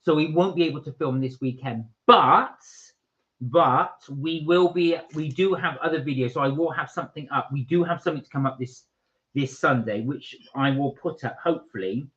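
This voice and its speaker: A man's voice: on the high side, moderate pace, fairly bright tone, highs cut off. Chatty man reading out live chat. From England. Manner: chatty, reads viewer comments aloud. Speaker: live stream co-host. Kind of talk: casual live-stream chat.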